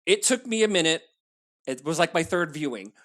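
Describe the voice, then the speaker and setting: A man joins a film podcast as a guest, and he talks with emphatic, animated energy. His pitch swings widely as he makes his points, and he chimes in often to agree. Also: brisk. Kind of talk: casual film discussion.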